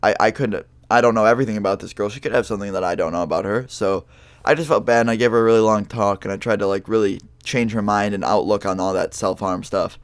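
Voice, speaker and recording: A man's voice: on the low side, fairly even intonation, fast talker, clean tone, no room sound. A young man telling a personal story in a casual, rambling monologue, full of fillers and the odd swear word.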